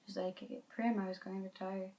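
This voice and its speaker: A woman reading her own short story aloud, earnestly and a little haltingly, with small slips, recorded on a phone. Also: medium pitch, flat delivery, mellow. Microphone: phone mic.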